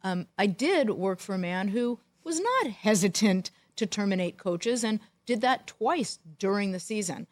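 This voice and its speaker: A middle-aged woman co-hosting a sports talk show, telling a long story in a wry, animated way. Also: mid-range voice, a little slow, hardly any pauses. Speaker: podcast co-host, former football executive. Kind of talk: storytelling in casual chat.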